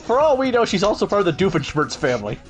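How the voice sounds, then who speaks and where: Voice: medium pitch, big pitch swings, fast, music in the background. Laughing co-player with blunt joking asides. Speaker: game streamer. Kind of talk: casual chat over gameplay.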